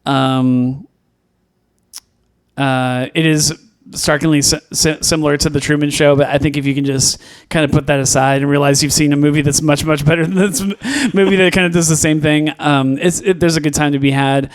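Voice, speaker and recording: A co-host on a laid-back podcast review chat, this man has a slightly high, clean, steady voice and a moderate pace. He rambles, restarting often and using fillers, and laughs easily.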